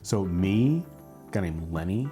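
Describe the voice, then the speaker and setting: A man's voice: low-pitched, measured pace, soft background music. A man in his forties telling a funny college story in casual talk, laughing often and acting out the voices of the people in it. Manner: animated, laughs often, acts out quoted voices. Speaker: storyteller host.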